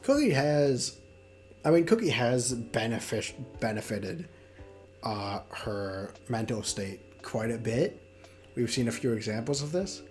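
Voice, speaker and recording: A streamer talks casually through a visual novel, thinking aloud and joking about their own voices. The tone is chatty and self-deprecating, with mid-range pitch and soft game music under it. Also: animated, a little slow. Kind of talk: casual let's-play commentary. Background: faint game music.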